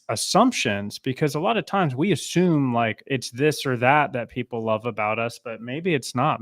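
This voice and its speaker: Dry, measured male podcast host. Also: medium pitch, dry recording. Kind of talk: casual podcast chat.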